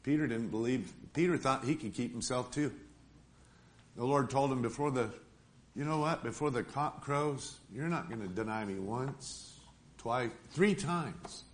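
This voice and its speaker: A man's voice: mid-range voice, unhurried. A man preaching an emphatic sermon in a church, repeatedly calling out to the congregation for amens.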